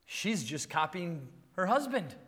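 A man in his thirties preaching a sermon, telling animated stories about his kids and acting out yelling at them. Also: high voice, measured pace, big-room sound. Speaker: pastor.

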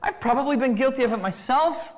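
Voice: sits high, brisk. A preacher giving an expository sermon, firing off rhetorical questions and acting out quoted voices. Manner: animated, acts out quoted voices.

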